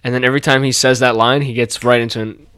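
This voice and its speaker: A man's voice: mid-range voice, flat delivery, fast talker, a bit bright, smooth, no echo. A man co-hosting a podcast in loose casual chat, rambling through asides. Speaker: podcast co-host.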